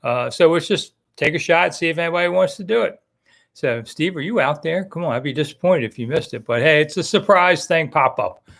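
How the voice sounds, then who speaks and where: A man's voice: on the high side, expressive, brisk, gravelly, fairly bright tone. A middle-aged man hosting a casual live stream, chatting in a rambling, self-deprecating way about football coaching news. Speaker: sports talk show host.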